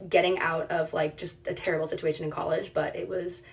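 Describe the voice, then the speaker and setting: Young woman, lowish voice, casual storytime, chatty, self-mocking, slightly distant recording. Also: flat delivery, a little fast, vocal fry, a little hiss or hum. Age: young adult. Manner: chatty, peppered with "like", laughing at herself.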